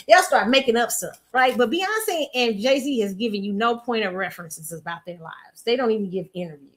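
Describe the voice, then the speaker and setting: A sassy woman rants through casual pop culture commentary, laughing often. Her voice sits a touch high. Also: moderate pace, few pauses. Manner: laughing, sassy, animated ranting with mocking put-on voices. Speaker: host.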